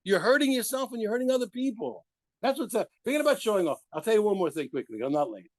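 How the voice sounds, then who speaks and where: A man teaching a lively Talmud class to students, talking emphatically and firing off rhetorical questions. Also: sits high, fast, dry recording.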